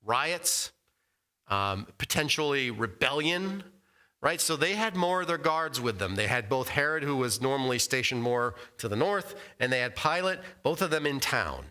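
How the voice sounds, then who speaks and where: A man leads a casual Bible study in a church meeting room, talking the passage through in a relaxed, conversational way. His voice is bright and forceful, and he keeps turning to the group with questions. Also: medium pitch, moderate pace, smooth.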